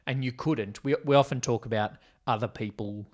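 A man's voice: medium pitch, moderate pace. Guy on a movie podcast, chatty and rambly, lots of ums. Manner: rambling, thinks aloud with many fillers. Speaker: podcast co-host. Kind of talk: casual film-review chat.

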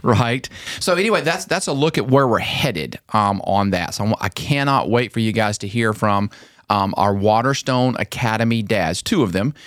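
A man hosting a podcast, chatting casually and acting out quoted lines with lively jumps in his voice. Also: moderate pace, dry recording, studio quality. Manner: animated storyteller, acts out quotes with pitch jumps. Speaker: podcast host.

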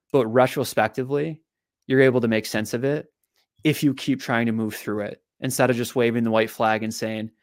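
A man, a physical therapist and author, telling a long personal story in a podcast interview, animated and often repeating his words. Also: medium pitch, no room sound, studio quality.

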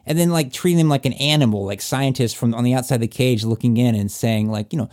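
Emphatic swearing man, mellow voice. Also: medium pitch, fast, few pauses. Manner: emphatic, swears often, acts out quoted voices. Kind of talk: casual opinionated chat.

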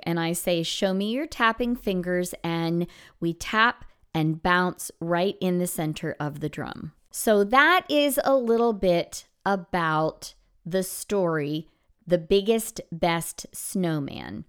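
A woman music teacher talks through classroom activities in a smooth, clear voice. She explains each step in an encouraging way and jumps her voice high or drops it low to show the children's parts. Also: slow pace. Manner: lively, demonstrates with sudden high and low voice swoops. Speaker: elementary music teacher and podcast host. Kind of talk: instructional podcast talk.

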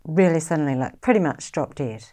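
A middle-aged woman with a New Zealand accent speaks in a fairly low voice. She tells her own story as an interview guest, halting and reflective. Her delivery stays soft-spoken throughout. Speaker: guest sharing personal story.

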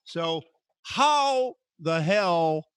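A man hosts a podcast in a casual storytelling style. His voice sits a little high, and he gets animated, jumping into raised voices when he quotes people. The sound is close and dry. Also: drawn-out words, smooth, no echo. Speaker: podcast host.

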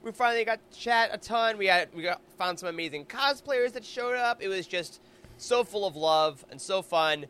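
A man's voice: sits high, lively intonation, pushed and bright, a little hiss or hum. A man co-hosting a podcast, recapping a fan convention in an enthusiastic, gushing casual chat. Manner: enthusiastic, gushing, quick asides. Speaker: podcast co-host.

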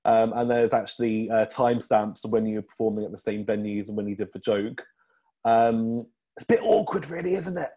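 A man's voice: on the low side, moderate pace, warm tone. A man, a comedian chatting as a podcast guest, rambling with lots of ums and restarts. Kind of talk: casual interview chat.

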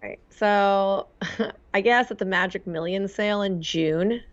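A woman's voice: mid-range voice, slow, no echo, muffled recording. A woman co-hosting a horse racing podcast, telling stories in a chatty way with frequent "um" and "like". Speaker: podcast co-host. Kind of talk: casual chat.

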